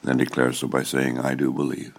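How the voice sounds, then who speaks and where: A pastor with an extremely deep, low voice leads a formal liturgy. He speaks in a solemn, measured cadence and lets each phrase settle. It is a man's voice throughout. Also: completely flat delivery. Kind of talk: liturgical service leading.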